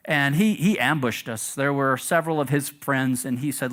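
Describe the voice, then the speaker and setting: A middle-aged pastor telling a story to his congregation in a relaxed, conversational sermon, often asking the room questions. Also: medium pitch, moderate pace. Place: church sanctuary.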